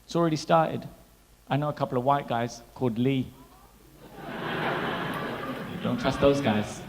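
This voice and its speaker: A man in his thirties doing a stand-up comedy set, chatty and animated, teasing the crowd. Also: mid-range voice, brisk, slight background noise. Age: 30s. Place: large hall at a gala dinner. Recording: long hall reverb.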